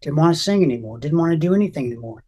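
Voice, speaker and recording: An older man telling an emotional personal testimony as an interview guest, earnest and halting, often restarting his sentences. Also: a little high, lively intonation, mellow.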